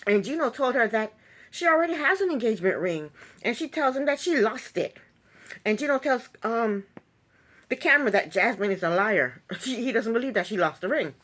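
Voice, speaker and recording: A woman's voice: a little high, animated, normal speed, fairly bright tone. A woman talking through a reality TV episode recap in a casual, opinionated way, with many ums. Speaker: recap vlogger.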